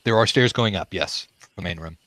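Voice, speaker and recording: Male game master, low voice, dry close sound, casual describer. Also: fairly quick, fairly bright tone, no room sound. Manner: loose, conversational scene description. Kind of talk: narrating a tabletop game.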